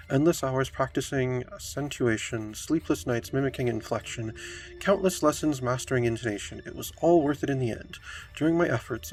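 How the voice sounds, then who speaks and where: A man commenting on a strategy game playthrough, speaking wryly in character as his medieval ruler and reading event text aloud. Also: medium pitch. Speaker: game streamer.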